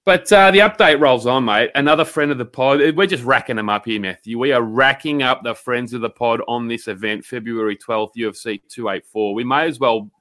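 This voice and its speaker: A man's voice: medium pitch, brisk, hardly any pauses, sharp tone. An Australian man co-hosting a podcast, hyped and sweary in casual banter. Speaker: podcast co-host.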